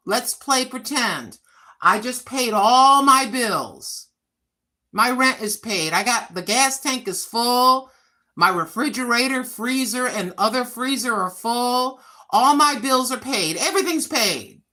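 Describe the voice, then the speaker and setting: A woman's voice: on the high side, animated, takes it slowly, sharp tone. A woman in her sixties hosting a casual livestream, venting bluntly and with frustration, swearing freely as she talks. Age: 60s. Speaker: livestream host.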